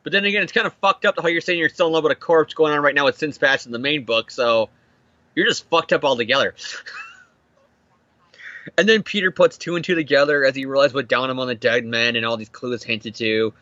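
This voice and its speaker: A young man recapping a comic book issue in casual chat, animated and swearing as he acts out the characters. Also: mid-range voice, fairly quick, dry recording, muffled recording. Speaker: comic podcast co-host.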